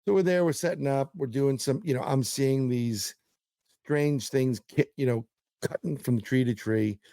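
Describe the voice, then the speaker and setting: A man's voice: mid-range voice, measured pace, gravelly, warm tone, dry recording. A man, a paranormal investigator, telling a story as a guest in a casual interview; he rambles, repeats words and acts out quotes.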